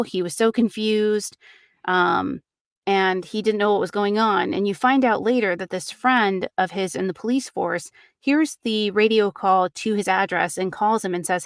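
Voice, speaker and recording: A woman hosting a true crime podcast, retelling a case casually with many fillers and quick acted-out quotes. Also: medium pitch, clean tone, dry recording, studio quality.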